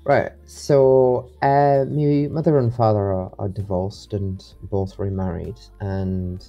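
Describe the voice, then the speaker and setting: A man's voice: fairly low pitch, little pitch movement, slow pace, muffled recording, faint music behind. A young man, rambling with many restarts as an interview guest. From England. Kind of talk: casual interview.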